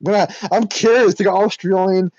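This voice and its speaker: A man co-hosting a podcast, chatting casually with quick lively reactions. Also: high-pitched, no echo, dull audio. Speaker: podcast co-host. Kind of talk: casual chat.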